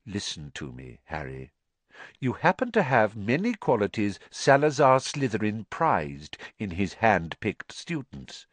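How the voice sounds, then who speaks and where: A man voicing a calm, kindly old headmaster wizard who talks slowly and softly in a storybook reading. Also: on the low side, dry recording, pitched above the performer's own voice. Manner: slow, soft, gentle and thoughtful.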